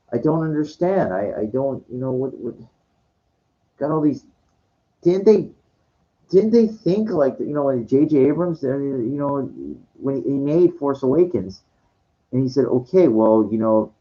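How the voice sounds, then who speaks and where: A man hosting his own channel, ranting in a passionate, halting way and repeating himself often. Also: medium pitch, highs cut off. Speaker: host. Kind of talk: rambling movie rant.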